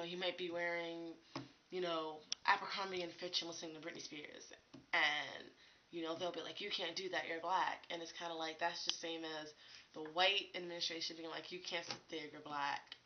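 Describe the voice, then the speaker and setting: Young woman vlogging, lots of "you know", faint hiss behind. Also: fairly low pitch. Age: young adult. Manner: animated, frequent "you know" and "like". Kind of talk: casual opinion vlog. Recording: dull lo-fi webcam audio with faint hiss.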